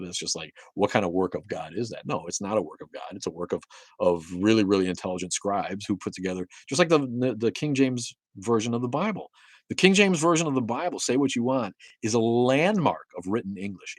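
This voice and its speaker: A man in his fifties with a very low, deep voice, hosting a casual livestream. He rants and rambles, swears freely and often restarts his sentences. The sound is dry and close, with no room around it. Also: breathy edge, dry recording. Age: 50s. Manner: profane, rambling, with many restarts. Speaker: livestream host. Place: home in Maine.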